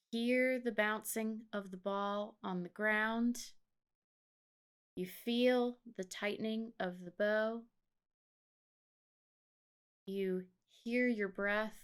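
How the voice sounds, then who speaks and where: Woman, podcast co-host, calm guided-meditation reader, slow and smooth. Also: medium pitch. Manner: slow, measured, soothing delivery.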